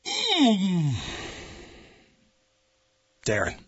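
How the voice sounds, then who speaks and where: A man's voice: sits high, wildly swooping pitch, very slow, a bit bright, breathy edge, no room sound. A man co-hosting a casual sports talk show, teasing and throwing in short interjections. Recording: dull lo-fi dry recording.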